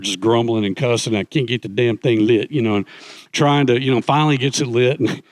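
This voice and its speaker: A middle-aged man telling anecdotes in a relaxed conversational way, animatedly acting out the voices of people he quotes. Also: mid-range voice, no echo. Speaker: guest speaker, author. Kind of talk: conversational storytelling.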